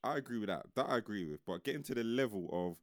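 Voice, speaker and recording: Lively argumentative man, dry close sound. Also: lowish voice, fast, no echo. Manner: argumentative, calls others "bro". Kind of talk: casual debate.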